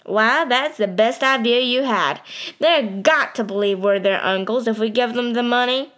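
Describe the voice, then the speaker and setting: Lady reading as an old swindler guy, slick and persuasive, kinda high voice, storybook. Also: moderate pace, fairly bright tone, close to an everyday voice. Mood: scheming. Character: older male con man posing as an uncle, smooth-talking.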